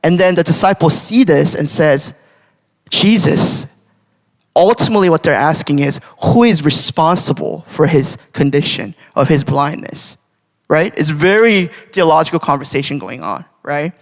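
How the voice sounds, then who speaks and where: Creaky young man preaching in a hall. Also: fairly high pitch, moderate pace. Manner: conversational, many fillers and tag questions. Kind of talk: casual morning devotional sermon. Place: church sanctuary. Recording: long church hall reverb.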